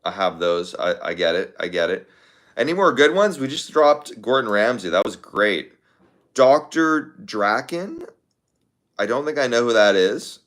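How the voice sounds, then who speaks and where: A man's voice: mid-range voice, big pitch swings, unhurried, a bit bright. A man hosting a livestream, chatting casually and reading out viewer comments, thinking aloud with fillers and repeated phrases. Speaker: livestream host.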